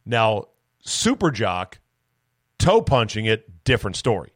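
Profane, animated sports podcast guy. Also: lowish voice, unhurried, no echo, clean studio sound. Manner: loose, profane, animated storytelling. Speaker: podcast host. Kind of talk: solo sports podcast monologue.

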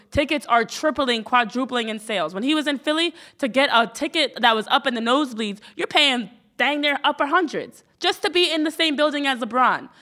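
A woman's voice: high-pitched, pushed and bright. A woman co-hosting a podcast, arguing her point with passion. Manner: passionate, rapid argument. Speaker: podcast co-host. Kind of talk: casual podcast talk.

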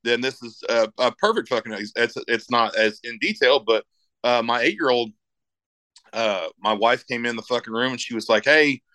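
A man's voice: mid-range voice, moderate pace, pushed and bright, dry recording, low-quality recording. A middle-aged man in casual podcast chat, rambling and emphatic, swearing constantly as he talks about raising his kids.

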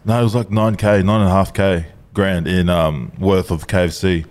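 A man's voice: low-pitched, steady tone, normal speed, darkish tone. A man from Tonga co-hosting a casual podcast, talking in a laid-back way, laughing and trailing off. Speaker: podcast co-host. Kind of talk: casual chat.

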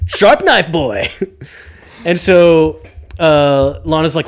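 A man's voice: a little high, expressive, extremely slow, pauses often. A man co-hosting a casual recap chat, playfully acting out characters' lines. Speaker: podcast co-host.

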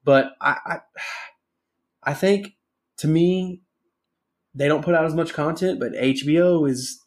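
A man's voice: on the high side, a little slow. A man co-hosting a casual podcast, talking things over chattily and stopping to restart his sentences. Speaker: podcast co-host.

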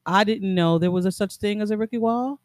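A man's voice: high voice, fairly quick, dry recording. A man co-hosting a casual sports podcast, laid-back and rambling, tripping over names. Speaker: podcast co-host.

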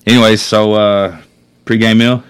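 A man's voice: on the low side, flat delivery, normal speed, smooth, dry recording. A man hosting a casual chat, teasing and joking with his guests. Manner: teasing, jokey. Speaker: podcast host.

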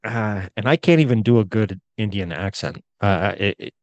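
A man co-hosts a podcast in a crude, rambling way, chatting casually. His voice sits at a middle pitch and sounds dry and close to the mic. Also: moderate pace, dry recording, muffled recording. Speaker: podcast co-host. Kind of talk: casual chat.

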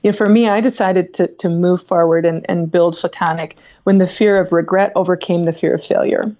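Middle-aged woman guest, candid and reflective, lowish voice, dull remote audio. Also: fairly even intonation, brisk, a little mellow. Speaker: podcast guest, company founder. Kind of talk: casual conversation.

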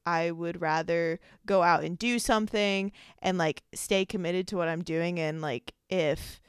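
Speaking alone on her podcast, a young woman rambles in a chatty, casual way, filling gaps with "like" again and again. The voice is mid-range and smooth, and the studio recording is clean with no echo.

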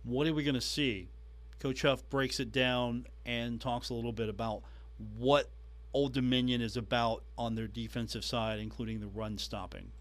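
A man hosting a sports podcast, recapping a coach's press conference with emphatic, animated delivery. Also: mid-range voice, normal speed. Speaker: podcast host.

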